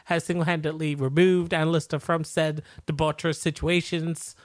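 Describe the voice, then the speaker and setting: A man's voice: on the high side, level tone, moderate pace, dry recording. A man co-hosting a podcast, recapping a TV episode in an easygoing, agreeable chat. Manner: easygoing, agreeable, laughs along. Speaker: podcast co-host.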